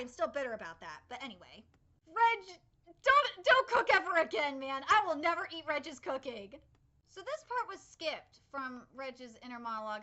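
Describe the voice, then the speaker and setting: A young woman hosting a live anime reaction, excitable and rambling, swearing freely as she comments. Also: fairly high pitch, highs cut off.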